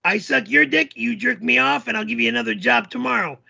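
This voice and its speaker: A man putting on a shrill, yelling storyteller guy. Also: a little fast, creaky, slightly rough, lo-fi sound, exaggerated voice. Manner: yelling, crude and rambling. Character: loud, always-yelling male storyteller character. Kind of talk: comedic character storytelling.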